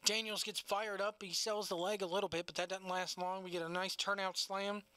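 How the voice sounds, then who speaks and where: A man's voice: high voice, flat delivery, brisk, pushed and bright, clear, resonant tone, no echo. A man co-hosting a casual wrestling review podcast, laughing often and talking in a loose, cussing way. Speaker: podcast co-host.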